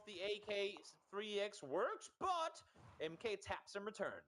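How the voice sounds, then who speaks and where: A man doing live esports play-by-play, lively and teasing toward his co-caster. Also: fairly high pitch, moderate pace, background noise.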